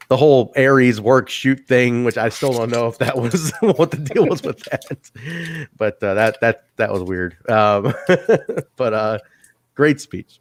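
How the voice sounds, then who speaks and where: A man's voice: mid-range voice, no echo. A man hosting a casual podcast, swearing freely and laughing through his anecdotes. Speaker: podcast host.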